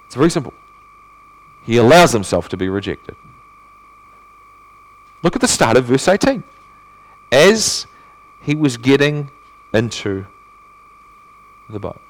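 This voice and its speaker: A male pastor preaching a sermon in earnest, asking rhetorical questions and swinging between emphatic and hushed delivery. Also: medium pitch, very animated, a little slow, long pauses.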